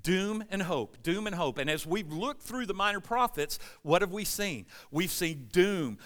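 A man preaches in a church. His voice sits a little high and sounds bright as he tells stories and asks the congregation questions. His voice rings with a long hall reverb. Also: expressive, a little slow, hardly any pauses. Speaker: pastor. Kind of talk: conversational sermon. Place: church sanctuary.

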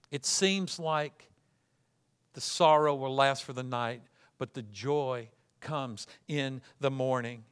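A man preaching a sermon as pastor, shifting from loud, joyful fervor to quiet, hushed reflection, with frequent repeated starts. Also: a little high, fairly even intonation, slow, clear, resonant tone. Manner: repetitive restarts, swings from loud fervent to hushed.

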